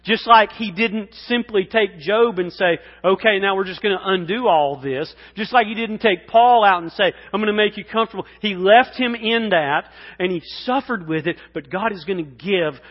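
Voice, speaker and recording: A male pastor preaching a sermon, dropping to hushed whispers and rising to loud, impassioned cries. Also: high voice, normal speed, hardly any pauses. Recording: dull sound in a long-reverb hall.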